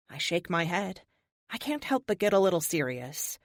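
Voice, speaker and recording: A woman's voice: low voice, animated, normal speed, dry recording, clean studio sound. A woman narrating a first-person audiobook in a wry, spirited voice.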